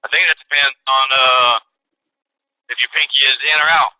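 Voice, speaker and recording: A man's voice: mid-range voice, fairly even intonation, normal speed, sharp tone, dry recording, rough recording. A man co-hosting a podcast with an American accent, joking through casual banter in a playful, mock-serious way. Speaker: podcast co-host.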